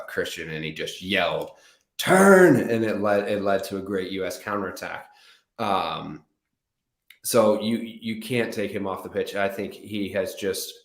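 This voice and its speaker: American male co-host, deep voice, laid-back sports banter, roomy sound. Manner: casual, repeats words as he starts sentences. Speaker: podcast co-host. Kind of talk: sports analysis chat.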